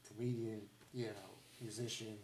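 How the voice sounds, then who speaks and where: A man's voice: fairly low pitch, level tone, normal speed, a little mellow. A man on a podcast giving earnest advice in a casual way, with many "you know"s. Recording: echoey room, faint noise.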